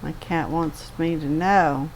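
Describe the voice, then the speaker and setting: A woman streaming from her home desk, talking slowly and softly to her cat in baby talk. Her voice sits low with a gravelly fry and a dark, mellow tone. She speaks into a desk microphone. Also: fairly even intonation, a little hiss or hum, rough recording. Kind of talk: casual chat with her cat while gaming.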